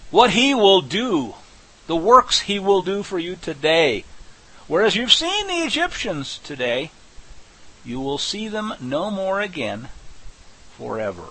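A man teaching scripture verse by verse, animated and conversational with folksy asides. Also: fairly high pitch, breathy edge, poor audio. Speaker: Bible teacher.

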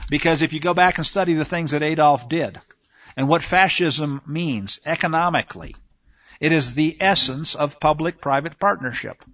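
Radio host guy rambling on, emphatic, kinda high voice, dry and a bit muffled. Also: moderate pace, fairly bright tone, dry recording. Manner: rambling, emphatic, many restarts. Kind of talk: talk radio monologue.

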